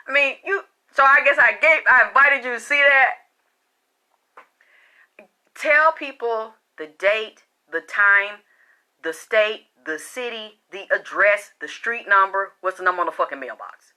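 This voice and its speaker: Loud, sharp-toned woman ranting. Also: a little high, expressive, measured pace. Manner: heated, profane and confrontational; loud and exasperated. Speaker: spiritual reader and vlogger. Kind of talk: unscripted personal rant to camera.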